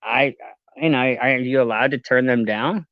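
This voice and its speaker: A man casually telling a long rambling story, halting and laughing as he goes. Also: medium pitch, no echo, muffled recording.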